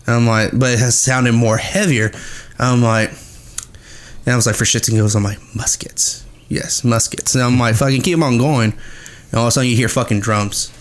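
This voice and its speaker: A man's voice: mid-range voice, a little fast. Foul-mouthed man telling a ghost story. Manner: swears constantly, animated, acts out sounds. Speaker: podcast guest telling his story. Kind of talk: casual storytelling.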